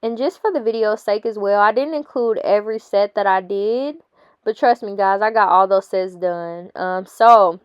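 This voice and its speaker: Smooth-voiced young woman, casual workout voice-over, friendly and encouraging, dry close sound. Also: mid-range voice, normal speed, dry recording, dull audio. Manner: chatty and encouraging, laughs often, says "honey" and "guys". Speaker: fitness vlogger.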